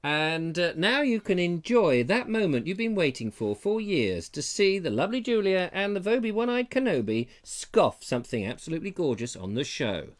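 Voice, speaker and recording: A male comedy talk show host chatting live from his home. His voice swings up and down with lots of animation and sits a little on the high side. He keeps turning to the audience with playful, theatrical asides. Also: big pitch swings, moderate pace, hardly any pauses. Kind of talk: live-streamed comedy chat. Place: terraced house, indoors.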